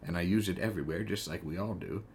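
A man's voice: sits low, quick pace, a little mellow, a little hiss or hum. A man hosting a casual podcast interview, rambling and courtly, with many hesitations and laughs. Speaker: podcast host. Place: living room couch.

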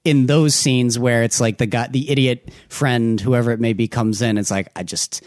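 A man's voice: mid-range voice, fairly even intonation, normal speed, a little mellow, no room sound, clean studio sound. A man co-hosting a casual movie podcast who teases his co-host, laughs often and acts out little bits.

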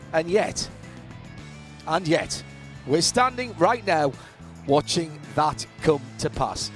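A man hosting live race coverage from a commentary booth, with an expansive, lyrical build-up delivery. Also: high voice. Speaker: race broadcast host. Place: commentary booth above a racetrack.

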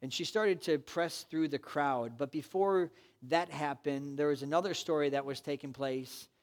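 A man's voice: on the high side, normal speed. A man preaching a sermon, retelling a story and urging his listeners on in an earnest, exhortative way. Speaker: pastor.

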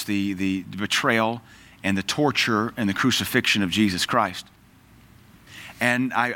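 A man's voice: mid-range voice, pushed and bright. A man preaching a sermon in an earnest, emphatic way, quoting scripture.

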